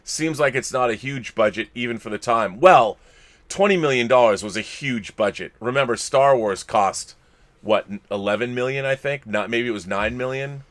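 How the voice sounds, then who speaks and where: A man's voice: medium pitch, normal speed, fairly bright tone. Chatty middle-aged man reading viewer messages. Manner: chatty, reads messages aloud with asides. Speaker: co-host reading viewer tips. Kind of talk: casual live-stream chat.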